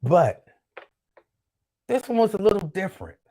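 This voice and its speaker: A man's voice: high voice, big pitch swings, a little slow, dark tone. A man hosting his own show, chatting casually on his own and reading out viewer comments in a loose, rambling way that repeats itself. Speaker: show host.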